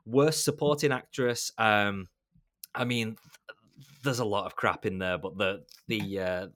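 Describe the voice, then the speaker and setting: A man's voice: fairly low pitch, unhurried, fairly bright tone, no echo, clean studio sound. A man co-hosting a film podcast, reading out award nominees with wry asides and chuckles. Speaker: podcast co-host. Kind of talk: casual film chat.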